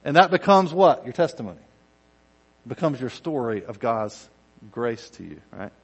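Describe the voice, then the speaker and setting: A man preaching a conversational sermon, dropping to quiet intensity and rising to loud, emphatic bursts, acting out quoted voices in asides. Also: medium pitch, big pitch swings, normal speed, gravelly, husky, rough recording. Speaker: pastor.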